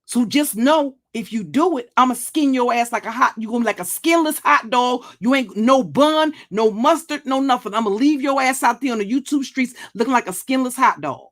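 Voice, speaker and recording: Older woman, pitch a bit high, profane, threatening, restarts and stammers. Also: fairly quick, few pauses. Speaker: YouTube commentary channel host. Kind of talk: blunt monologue vlog.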